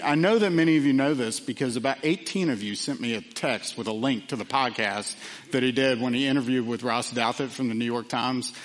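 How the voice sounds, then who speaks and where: A man preaching a sermon earnestly, with frequent fillers and quiet drops for emphasis. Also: mid-range voice, long reverb tail. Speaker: pastor.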